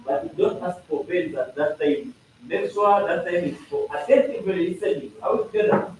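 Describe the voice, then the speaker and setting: Speaking at normal speed in a high voice, a man gives students an instructional talk at a school congress, explaining procedures and frequently checking in with "are we together?" He acts out playful examples and jokes, recorded at a distance in an echoey, slightly noisy hall.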